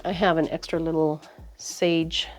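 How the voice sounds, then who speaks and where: Low-voiced woman rambling through a desk tour, kinda out of breath, soft music under it. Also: flat delivery, a little slow. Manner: rambling, chatty, with many fillers and restarts. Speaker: vlogger giving a desk tour. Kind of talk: casual chat.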